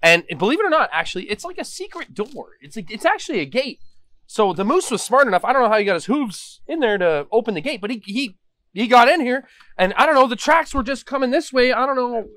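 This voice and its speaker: A man's voice: extremely high pitch, expressive, fast talker, fairly bright tone, no echo. A man hosting a comedy chat show, rambling and joking. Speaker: host.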